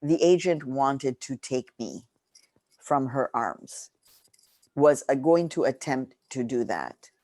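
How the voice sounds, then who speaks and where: A middle-aged woman author telling a personal story with passion, her pitch leaping up when she gets excited. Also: takes it slowly, no room sound, clean studio sound. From Mexico. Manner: animated, impassioned storytelling with lively pitch jumps. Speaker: author and journalist. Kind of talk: book talk, personal storytelling.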